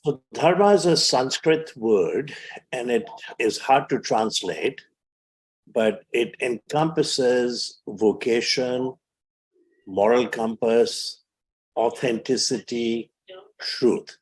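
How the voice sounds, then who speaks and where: A man's voice: mid-range voice, slow. A man in his seventies from India, telling vivid stories as a podcast guest and acting out the voices he quotes. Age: 70s. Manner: vivid storyteller who acts out quoted voices. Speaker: physician guest. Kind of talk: storytelling in a podcast interview.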